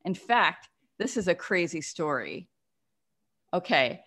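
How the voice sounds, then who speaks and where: A woman author being interviewed, telling stories in an animated way and often checking in with "okay?". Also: on the low side, takes it slowly. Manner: animated storyteller, often tags lines with "okay?". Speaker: guest author and cartoonist. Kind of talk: casual interview storytelling.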